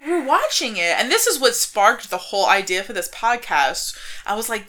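A woman's voice: a little high, big pitch swings, normal speed, pushed and bright. A woman co-hosting a podcast, chatting about movies, swearing casually and laughing a lot. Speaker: podcast co-host.

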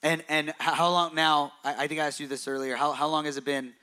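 A man with a bright, forceful voice leads an interview from a church stage. He is encouraging and openly moved, stumbling into restarts as he talks. He prompts his guest with quick affirmations. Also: fairly high pitch, flat delivery. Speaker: pastor hosting a stage interview.

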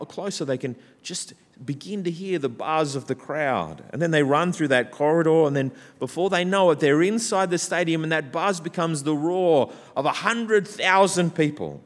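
A man preaching a sermon in a church, building from quiet, reflective passages to loud, rousing calls. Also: fairly high pitch. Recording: church hall with long reverb.

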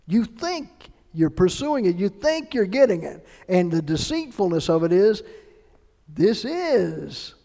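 A man's voice: high voice, big pitch swings, slow, creaky, dark tone, long reverb tail. A man preaching a conversational sermon as pastor, repeating phrases for emphasis, recorded in a church sanctuary.

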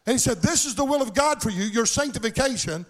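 High-voiced preaching man, sing-song. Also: lively intonation, fast talker. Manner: impassioned, sing-song preaching that rises to shouts. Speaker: pastor. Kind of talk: sermon. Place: church sanctuary.

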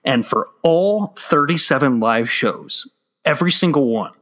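A man hosting a casual podcast about sports betting, talking loosely with quick asides and swearing. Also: mid-range voice, lively intonation, a bit bright. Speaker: podcast host.

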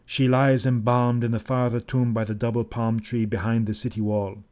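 A man's voice: medium pitch, level tone, moderate pace, darkish tone, clean tone, lightly acted. A man reading the part of an ecstatic, half-mad Egyptian priest, scornful and then coldly triumphant, in an audiobook. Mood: wild exultant. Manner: exultant and scornful, then cold.

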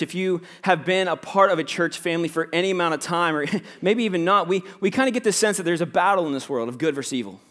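A young adult man, a pastor, preaching a sermon in a casual, conversational way with many fillers. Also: on the high side.

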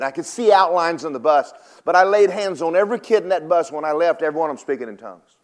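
Older male preacher with a wide-ranging pitch and a folksy manner, swinging from loud exhortation to low, hushed storytelling. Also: expressive, fast talker. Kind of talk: sermon.

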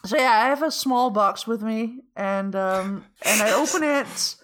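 Higher-voiced woman player, chatty. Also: fairly bright tone. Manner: chatty and halting, with many ums. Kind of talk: casual tabletop play.

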